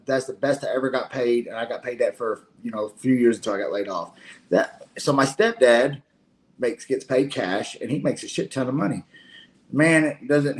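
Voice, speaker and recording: A man with a Kentucky Southern accent in casual late-night stream chat, rambling and indignant with many restarts. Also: mid-range voice. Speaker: stream co-host.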